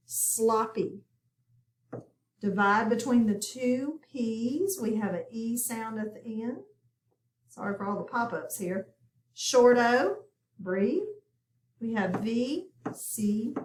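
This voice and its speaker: A woman walks learners through a phonics lesson in a slow, patient way. Her voice sits a little high. The recording has a noticeable room echo. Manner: patient, step-by-step instruction. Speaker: phonics teacher.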